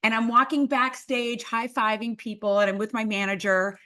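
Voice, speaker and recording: Bright, lively woman telling a story. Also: on the high side, moderate pace. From Chicago. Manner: dramatic, acts out the voices. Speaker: guest. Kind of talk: animated anecdote telling.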